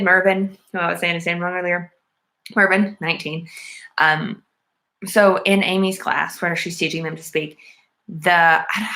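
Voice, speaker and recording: Woman, casual movie reviewer, slightly low voice, rambling and earnest. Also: pushed and bright. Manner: chatty, lots of "like" and "um" fillers; earnest and enthusiastic about the film. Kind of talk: casual plot retelling.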